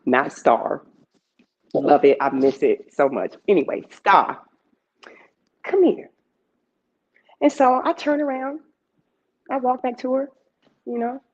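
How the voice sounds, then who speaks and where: A woman telling a personal story to a live audience in a lively, conversational way, heard in a dull lo-fi recording. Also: sits low, moderate pace, pauses often. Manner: lively, conversational, with laughs and asides. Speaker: storyteller and emcee.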